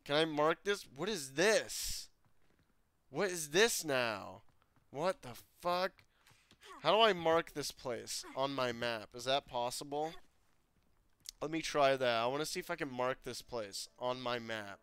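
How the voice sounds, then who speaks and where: A man casually commenting while playing a video game, excitable, swearing often, laughing and breaking into sudden loud outbursts. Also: mid-range voice, measured pace, clear, resonant tone, no echo.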